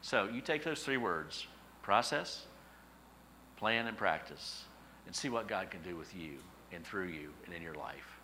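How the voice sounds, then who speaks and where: A middle-aged male pastor preaching a sermon, telling stories with emphatic, animated repetition. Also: deep voice, measured pace, low-quality recording.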